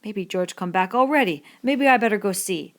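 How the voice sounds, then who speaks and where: A woman's voice: mid-range voice, lively intonation, moderate pace, a bit bright, pitched above the performer's own voice. A woman reading the part of a big, childlike farmhand man who speaks simply and repeats himself, in an audiobook. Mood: pleading.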